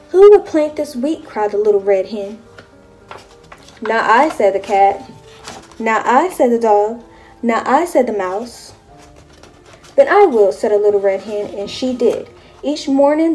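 A woman reading a children's picture book aloud with steady, rhythmic pacing. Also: fairly high pitch. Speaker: storyteller.

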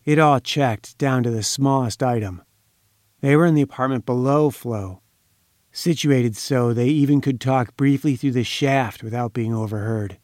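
A man narrating a pulp crime story in a measured, dramatic way. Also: medium pitch, a little mellow, no echo, clean studio sound.

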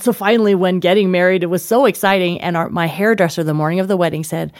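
A middle-aged woman talks as a guest author, telling family stories with a bright, lively lilt. She laughs easily and puts on voices for the people in her stories. Her voice sounds dry and close to the mic. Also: lowish voice, fast talker, dry recording. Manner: animated, laughing, acts out quoted voices. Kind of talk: conversational storytelling.

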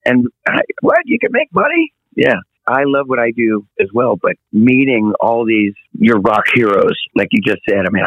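A middle-aged man tells stories in a relaxed interview chat, jumping into little acted-out voices as he goes. The sound is dry and a bit dull, like a lo-fi recording. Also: lowish voice, no echo. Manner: animated storyteller, acts out voices. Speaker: touring rock singer, guest.

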